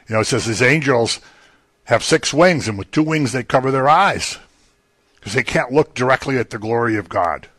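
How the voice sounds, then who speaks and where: A man's voice: mid-range voice, a bit bright, dry recording. A man preaching a sermon in a conversational teaching manner, rising emphatically on key phrases. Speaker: pastor.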